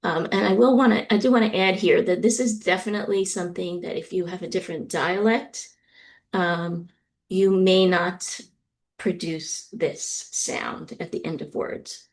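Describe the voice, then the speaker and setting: A woman's voice: fairly low pitch, fairly even intonation, moderate pace. A middle-aged woman from the US East Coast giving a university lecture, explaining steadily with frequent ums. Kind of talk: recorded lecture.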